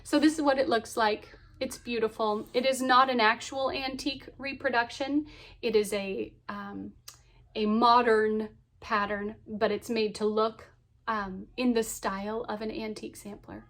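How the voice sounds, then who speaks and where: A woman's voice: a little high, steady tone, unhurried, a bit bright. A woman in her thirties chatting casually to camera about her cross stitch, cheerful and full of ums and laughs. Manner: chatty, lots of ums and so yeahs.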